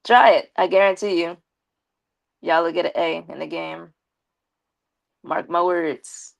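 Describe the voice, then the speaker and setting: A woman with a slight lisp, chatting casually with her viewers on a live stream and giving them shout-outs. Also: lowish voice, steady tone, a little slow, gravelly.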